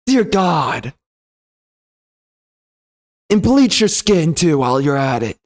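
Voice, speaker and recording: A man delivering a loud, sneering, profane comedy rant as a game reviewer. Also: on the high side, big pitch swings, slow. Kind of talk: ranting comedy commentary.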